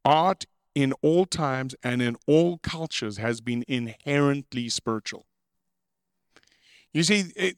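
A middle-aged man preaching a sermon, opening with a slow, measured reading and moving into emphatic preaching. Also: fairly high pitch, a bit bright, no echo, clean studio sound. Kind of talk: sermon with read-aloud opening.

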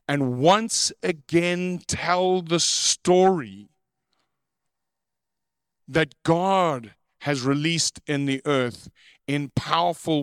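A middle-aged man preaching a sermon, opening with a slow, measured reading and moving into emphatic preaching. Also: a little high, smooth, dry recording, studio quality. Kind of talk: sermon with read-aloud opening.

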